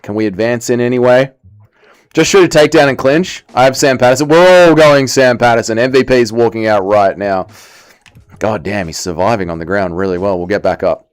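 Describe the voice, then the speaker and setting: A young man live-streaming, chatting casually and excitably while he plays, swearing and reading chat aloud. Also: mid-range voice, fairly quick, clean tone. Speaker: livestreamer.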